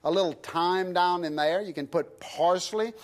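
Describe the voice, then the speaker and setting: A man's voice: sits high, normal speed. A middle-aged man with a South Louisiana accent, chatting folksily with the audience while demonstrating a recipe. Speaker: TV cooking show chef. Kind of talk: cooking demonstration.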